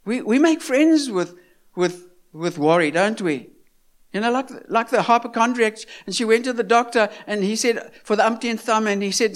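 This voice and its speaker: A man's voice: sits high, lively intonation, moderate pace, a bit bright. A man delivers a sermon. He speaks earnestly, circles back to repeat his points, and throws rhetorical questions at his listeners. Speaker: preacher.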